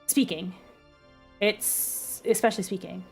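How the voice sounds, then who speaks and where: A young woman streamer with a low, dark speaking voice, talking casually and full of fillers. Her pitch sits mid-range for a woman. Soft music plays faintly underneath. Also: measured pace, creaky. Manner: chatty, self-deprecating, lots of fillers.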